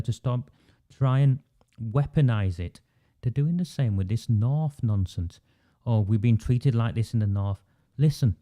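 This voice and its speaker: A man's voice: mid-range voice, warm tone. A man with a Northern English accent, hosting a livestream and talking in an emphatic, indignant, repetitive way. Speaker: live stream host. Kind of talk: impassioned livestream monologue.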